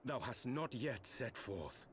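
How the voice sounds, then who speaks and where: A man's voice: medium pitch, very animated, slow. An actor playing a solemn male scholar who speaks in archaic, formal English in a game cutscene. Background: game music.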